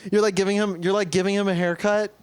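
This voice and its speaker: A man's voice: flat delivery, fast, smooth. A young man co-hosting a podcast, joking crudely in casual chat and slipping into silly put-on voices. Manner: crude, goofy, jumps into squeaky put-on voices. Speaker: podcast co-host.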